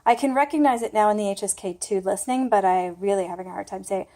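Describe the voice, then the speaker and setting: A woman's voice: medium pitch, quick pace, dark tone. A young woman casually talking through her own study flashcards, thinking aloud and poking fun at herself as she tries to remember. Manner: chatty, thinks aloud, self-deprecating. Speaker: language learner sharing study method.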